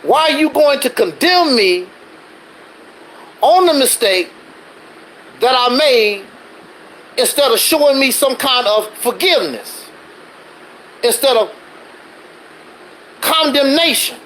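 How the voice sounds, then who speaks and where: A man's voice: very high-pitched, animated, slow pace, pauses often, a bit bright, a little hiss or hum, low-quality recording. A man hosting a livestream, ranting defensively in a casual monologue full of rhetorical questions. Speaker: livestreaming channel host.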